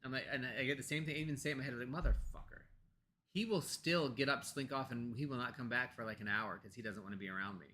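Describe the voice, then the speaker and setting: A bright, clear-voiced American man rambles through a casual home chat, full of fillers and restarts. His voice comes through a computer mic with a faint hiss behind it. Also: mid-range voice, fairly even intonation, very fast, hardly any pauses. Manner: talks softly to pets off to the side. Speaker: co-host of a pagan discussion show.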